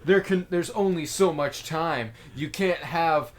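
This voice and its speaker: A man's voice: on the high side, a little slow, a little hiss or hum. A young man co-hosting a casual podcast chat, animatedly retelling cartoon scenes and laughing often. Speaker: podcast co-host.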